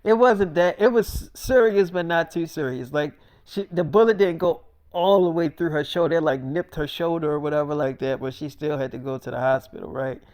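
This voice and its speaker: Casual gossipy storyteller, mid-pitched, profane and chatty. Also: brisk, darkish tone. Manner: profane, gossipy retelling with quoted dialogue.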